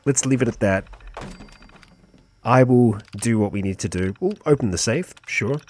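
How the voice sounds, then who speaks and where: A man with a medium-pitched voice streams a video game at a moderate pace, chatting casually and thinking aloud as he plays. He sounds relaxed and chatty, chuckling between lines, with a little hiss or hum in the audio.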